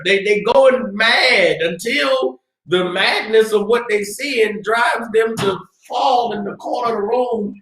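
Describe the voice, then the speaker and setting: Male class teacher, animated storyteller, slightly high voice, roomy echo. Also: slow, hardly any pauses. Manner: animated storytelling, acts out screams. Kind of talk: scripture class lecture.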